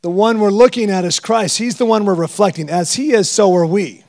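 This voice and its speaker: A middle-aged man preaching a guest sermon, animated and storytelling with jokes. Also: sits high, fairly quick.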